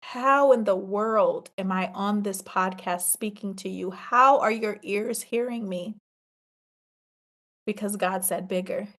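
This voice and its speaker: A woman's voice: mid-range voice, slow pace, a bit bright. A woman hosting a podcast, giving a faith testimony and talking straight to her listeners, emphatic and repeating her key phrases like a preacher. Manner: talks straight to listeners, addressing them as y'all. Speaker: podcast host.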